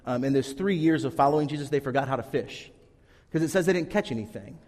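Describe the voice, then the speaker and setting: A man's voice: medium pitch, expressive, quick pace, darkish tone, big-room sound. A man preaching a sermon, telling a Bible story earnestly and acting out the characters' lines. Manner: earnest storytelling, acts out quotes. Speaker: pastor.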